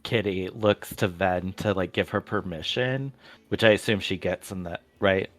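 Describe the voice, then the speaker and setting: A man's voice: low voice, normal speed, a bit bright. A man playing a tabletop game, describing his character's actions hesitantly and with many fillers. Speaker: player.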